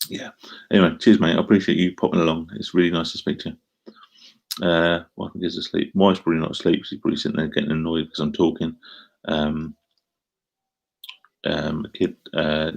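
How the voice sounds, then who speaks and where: A man's voice: extremely low pitch, vocal fry. A middle-aged man with an Essex accent, chatting casually on a live stream and answering viewer comments in a rambling way. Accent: Essex English. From England.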